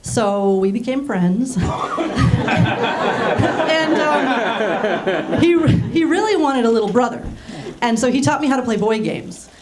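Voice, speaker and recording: Woman stand-up comic, thirties, deadpan, slightly high voice, live audience laughing loudly. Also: slow, long pauses, a loud crowd. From Germany. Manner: dry, deadpan delivery with frequent ums. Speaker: stand-up comedian. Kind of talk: stand-up comedy set. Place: small theater stage.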